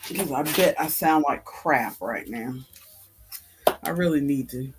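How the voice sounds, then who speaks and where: A man's voice: fairly high pitch, measured pace, loud music behind the voice. A man in his fifties hosting a casual livestream, chatting to viewers and thinking aloud as he works through a crossword. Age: 50s. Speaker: livestream host. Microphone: headset with headphones.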